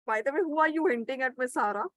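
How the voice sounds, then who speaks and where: A woman's voice: high-pitched, quick pace, no room sound, poor audio. A woman teaching an interactive online grammar session. She reads out participants' answers and praises them. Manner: encouraging, reads out participants' replies. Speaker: webinar trainer.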